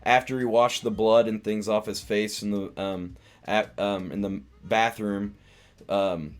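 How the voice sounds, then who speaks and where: A man casually retelling a film's scenes on a live stream, meandering and restarting his sentences often. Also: on the low side. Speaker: streamer and comedian reviewing a film.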